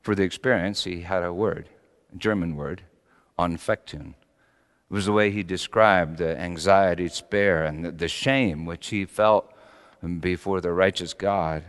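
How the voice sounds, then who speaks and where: A middle-aged man preaching a sermon dramatically, swinging between loud high peaks and quiet low passages. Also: measured pace, clear, resonant tone. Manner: dramatic, with big rises in pitch and volume. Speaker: pastor. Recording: long hall reverb.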